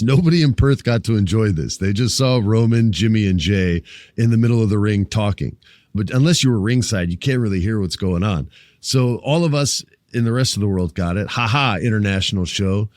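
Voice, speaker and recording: A man's voice: dry recording, clean studio sound. A man hosting a casual wrestling podcast, talking animatedly, swearing freely, joking with listeners and acting out wrestlers' lines. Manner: animated, acts out wrestlers' lines in higher, louder voice. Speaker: podcast host.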